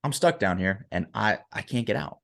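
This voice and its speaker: A despairing man trapped at the bottom of a pit pours out pleading questions, his voice pitched a little above a low baritone as a storyteller puts him on. He sounds frantic and self-pitying, asking why this is happening to him. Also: lively intonation, normal speed, gravelly. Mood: hopeless. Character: stressed man stuck in a deep hole, desperate.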